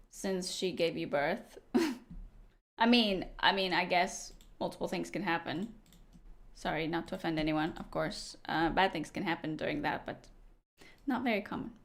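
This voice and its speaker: Woman, young adult, live streamer, casual, teasing, chats with viewers. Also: on the low side. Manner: chatty, teasing, answers chat out loud. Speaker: livestreamer.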